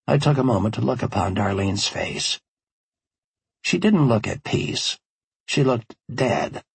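A man narrating an audiobook in the first person, wry and measured, recorded in a studio. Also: medium pitch, vocal fry, breathy edge, no room sound. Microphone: studio microphone.

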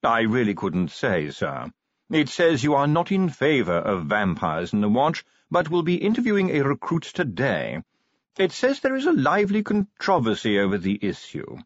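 A man voicing a prim, smooth-spoken middle-aged butler with a formal, deferential manner in an audiobook. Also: mid-range voice, huge pitch swings, moderate pace, no echo, highs cut off, voice pushed up.

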